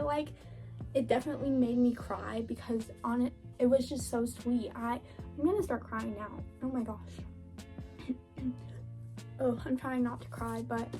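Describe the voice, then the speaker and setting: A woman's voice: on the high side, a little mellow. A young woman talking casually and chattily about books she has read, gushing, with filler words. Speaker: book vlogger. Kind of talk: casual book review chat.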